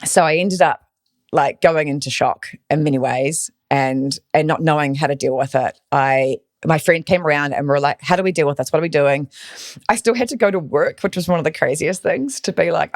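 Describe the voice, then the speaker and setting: A woman, a podcast guest, tells a personal story with animated, emotional energy. Her voice is dry and close to the mic. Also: low voice, fairly quick, dry recording. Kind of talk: storytelling in interview.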